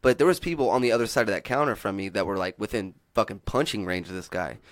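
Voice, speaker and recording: A young man, a comedian hosting a casual podcast, telling stories quickly with lots of swearing. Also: on the low side, dry recording. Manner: fast, animated storytelling with heavy swearing.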